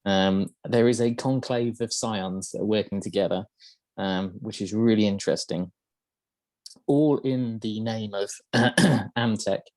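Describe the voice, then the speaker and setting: A man's voice: fairly low pitch, a little slow, darkish tone, no echo. A man hosting a podcast, explaining game lore in casual chat, hesitant and full of ums and uhs. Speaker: podcast host.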